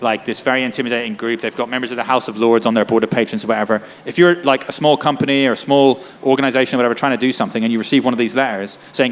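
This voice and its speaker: A man's voice: medium pitch, steady tone. A man speaking with passion and urgency, a lawyer and activist, peppering his talk with "like" and "right?". He speaks in a festival tent, with a faint hum of noise behind him. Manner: impassioned, rapid, many "like" and "right?" tags. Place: festival tent before an audience.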